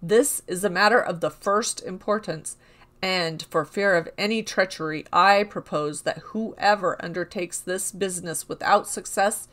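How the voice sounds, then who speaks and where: Stern male robber captain in a storybook reading, read by a woman. Grave, measured delivery. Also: lowish voice, a bit bright.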